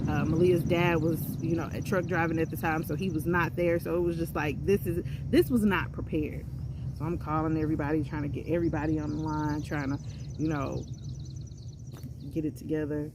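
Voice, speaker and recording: Young female vlogger, lower register with some vocal fry, casual storytime delivery, animated and chatty. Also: heavy background noise. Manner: chatty, animated, acts out others' voices when quoting. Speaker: vlogger telling a personal story.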